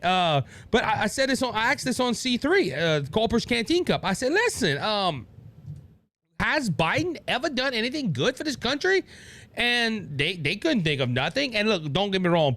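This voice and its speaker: A man with a Cajun accent hosting his own political podcast, talking in a rambling, animated way with many restarts and asides to "ladies and gentlemen.". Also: high-pitched. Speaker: podcast host. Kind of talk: solo political commentary.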